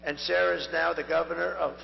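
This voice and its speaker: An older man with a strained, hoarse voice gives a rambling, repetitive rally speech into a podium microphone at a large venue. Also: a little high, fairly even intonation, brisk. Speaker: political candidate. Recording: echoey lo-fi venue sound with mains hum.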